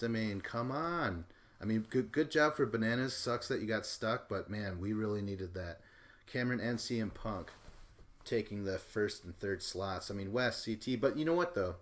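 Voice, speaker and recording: A man hosting a podcast, rambling casually through a recap and swearing offhandedly. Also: fairly low pitch. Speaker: podcast host.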